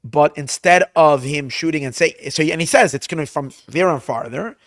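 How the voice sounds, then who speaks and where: A man, a rabbi teaching a class, retelling a Bible story with Hebrew translations in an animated way, often restarting his phrases. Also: a little high, a little fast, no room sound, clean studio sound. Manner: animated storyteller, acts out lines loudly; restarts and repeats words often.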